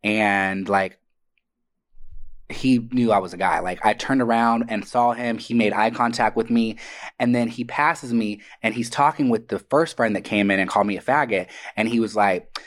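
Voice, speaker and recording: A man co-hosting a podcast, telling personal stories in a casual, profane and animated way, acting out what others said. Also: on the low side, normal speed. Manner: animated, profane, acts out quoted voices. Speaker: podcast co-host. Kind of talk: casual storytelling. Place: Atlanta area.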